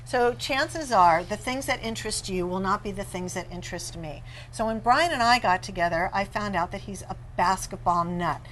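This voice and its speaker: A woman author, a guest in an interview, telling animated and playful stories about marriage. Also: medium pitch, normal speed, hardly any pauses, a little hiss or hum, poor audio. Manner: animated storyteller, playful and laughing. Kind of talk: conversational interview.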